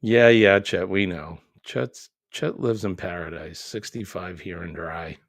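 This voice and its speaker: A man's voice: low-pitched, unhurried, creaky, no room sound, clean studio sound. A middle-aged man hosting a live stream, reading viewer comments aloud and chatting about them in a joking, easygoing way. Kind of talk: casual live chat.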